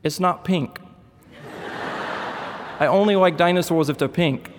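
A man's voice: sits high, a little slow, background noise. A man voicing a stubborn, contrary little girl who speaks matter-of-factly, heard in a church hall.

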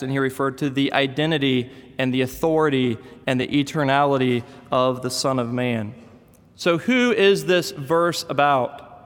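A man's voice: mid-range voice, smooth, in a large hall. A man preaching a sermon in a conversational, storytelling manner. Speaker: pastor.

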